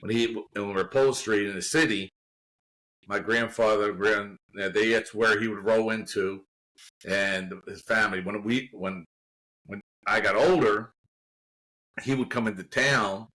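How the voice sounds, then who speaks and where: A man from the Baltimore area, a guest actor, telling an animated anecdote in casual conversation with bursts of laughter. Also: lowish voice, a little slow, low-quality recording. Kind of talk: casual storytelling.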